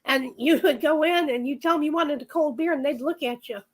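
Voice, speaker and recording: A woman's voice: sits high, fairly quick. A woman chatting casually on a livestream, telling stories and laughing easily. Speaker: livestream co-host. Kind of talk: casual live chat.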